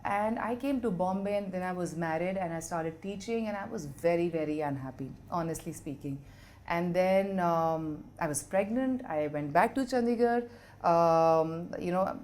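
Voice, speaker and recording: A woman in her thirties with an Indian English accent speaks candidly as an interview guest. She tells her story in an animated way, laughs often and drops into Hindi phrases. A faint noise sits under her voice. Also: fairly low pitch.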